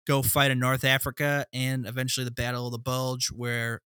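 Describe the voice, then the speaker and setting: A man's voice: medium pitch, little pitch movement, brisk, pushed and bright, smooth, dry recording, studio quality. A man co-hosting a podcast, retelling a film plot with sardonic, profane asides. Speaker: podcast co-host recapping a film. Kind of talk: casual storytelling recap.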